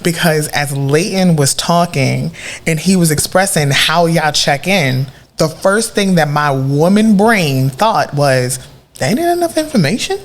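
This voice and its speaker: A woman hosting a podcast in a casual discussion, who talks animatedly and thinks out loud. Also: sits low, slow pace. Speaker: podcast host.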